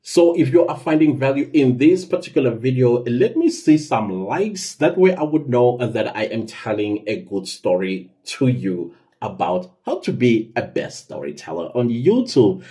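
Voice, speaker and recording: Guy with a mellow voice chatting through creator tips, lots of um and uh, punches key words. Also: medium pitch, normal speed. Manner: conversational, lively emphasis, self-corrections and fillers. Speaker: podcast host giving tips. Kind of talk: casual instructional talk.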